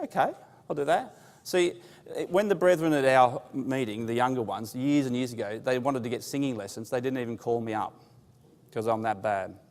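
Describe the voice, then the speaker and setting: A man giving a bible class, telling stories with humor and asking the audience questions. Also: mid-range voice. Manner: conversational storytelling with humor. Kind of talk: informal bible class talk. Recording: long hall reverb.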